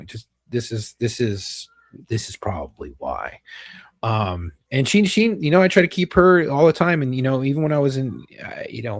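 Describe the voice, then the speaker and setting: A man, a retired police officer, talking candidly as a podcast guest, halting and repeating himself, swearing casually. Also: medium pitch, no echo, clean studio sound.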